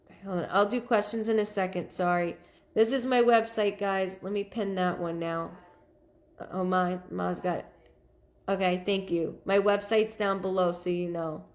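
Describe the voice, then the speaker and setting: Female medium, live-stream host, casual and halting, greets viewers by name. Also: medium pitch, fairly even intonation. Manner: thanks viewers by name and relays messages in a searching, halting way.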